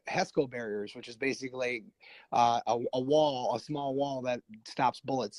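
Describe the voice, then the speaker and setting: A man guest on a podcast telling a war story casually, animated and profane, acting out what others said. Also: medium pitch, dry recording, low-quality recording. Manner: animated, profane, acts out quoted voices.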